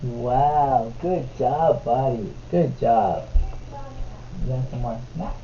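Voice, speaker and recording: A man streaming his trading from home. He switches between soft, sing-song baby talk with his toddler and brisk market commentary. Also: medium pitch, lo-fi sound, background noise. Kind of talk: casual live-stream commentary.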